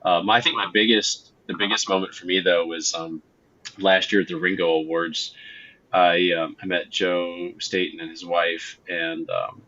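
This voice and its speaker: Deep bright-voiced man telling stories. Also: unhurried, dull audio. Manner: excitable storyteller, acts out quotes, many fillers. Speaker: comic book writer, guest. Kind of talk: casual interview chat.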